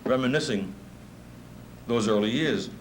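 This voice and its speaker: In a slightly slow, mid-range voice, a New York–accented music promoter in his fifties spins anecdotes through a speech, animated and laughing frequently. Poor audio quality carries a bit of background noise.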